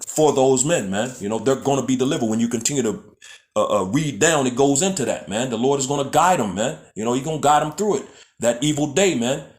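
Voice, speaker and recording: A man teaching scripture in a loose, casual way, often restarting his phrases and tagging them with "man" and "you know what I'm saying". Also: medium pitch. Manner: restarts and stumbles over words. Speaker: preacher. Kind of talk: street-style scripture teaching.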